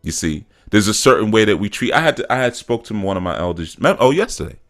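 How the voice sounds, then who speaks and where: Low-voiced man in loose talk. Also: very animated, quick pace, faint music behind. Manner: loose storytelling, repeats "man" and "you know"; acts out quotes and grows emphatic. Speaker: spiritual teacher and show host. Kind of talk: casual talk-show monologue.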